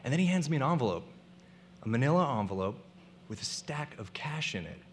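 A man's voice: mid-range voice, sing-song, fairly quick, slight background noise. A young man telling a comic personal story to a live audience, acting out the people he quotes.

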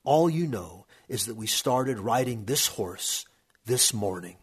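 A man's voice: medium pitch, animated, slow pace, breathy edge. A man voicing a proud, serious teenage boy who talks in an emphatic, lecturing way. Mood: boastful.

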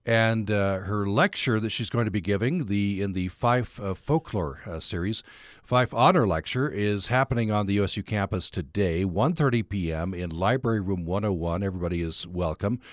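Relaxed radio host with a Utah accent. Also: male voice, lowish voice, moderate pace, no room sound, clean studio sound. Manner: relaxed, conversational, with many fillers. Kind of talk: radio interview and announcements. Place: radio studio. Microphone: studio microphone.

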